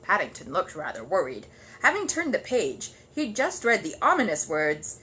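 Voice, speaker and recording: A woman reading a children's storybook aloud in an expressive storytelling voice, with faint noise behind her. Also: lowish voice, normal speed. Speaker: storybook reader.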